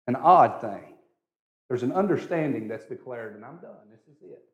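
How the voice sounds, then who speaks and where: Preacher, hushed to shouting. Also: male voice, medium pitch, expressive, normal speed. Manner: storytelling, swinging from hushed to shouting. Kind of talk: sermon.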